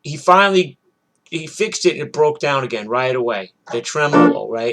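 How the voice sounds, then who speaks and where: A middle-aged man and working guitarist, telling a rambling, cursing rant that starts loud and worked up and settles into a low, weary tone. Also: normal speed, over loud music. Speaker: gigging guitarist and show host.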